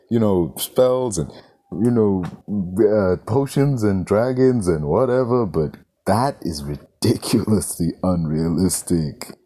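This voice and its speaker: In an exasperated, incredulous rant about a movie, a man swears often and fires off one question after another. His voice is on the low side with a warm tone.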